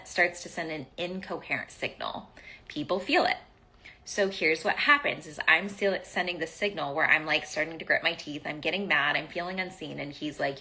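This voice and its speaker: A woman's voice: lowish voice, creaky, bright, forceful tone. A woman hosting a podcast, talking through a personal story in a casual coaching monologue, emphatic and repetitive, swearing now and then. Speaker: podcast host.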